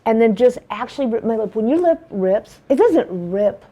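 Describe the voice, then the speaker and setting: A woman's voice: fairly high pitch, expressive, normal speed, dark tone. A woman guest recounting her experience as a patient, telling it in a tumbling, repetitive way with frequent restarts. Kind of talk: emotional personal account.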